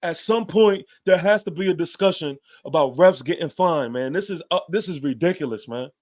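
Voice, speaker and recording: A man's voice: a little high, lively intonation, moderate pace, a little mellow. A man hosting a fan show, giving a heated, emphatic post-game rant with casual swearing and repeated points.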